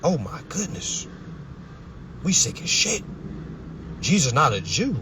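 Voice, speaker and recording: Animated, profane man ranting on a live stream. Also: on the low side, a little fast, pauses often, noisy background. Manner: confrontational, preachy, profane.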